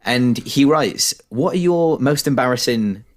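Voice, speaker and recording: A man's voice: medium pitch, lively intonation, measured pace. A young British man co-hosting a podcast, telling stories in a chatty, self-deprecating way. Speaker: podcast co-host. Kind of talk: casual chat.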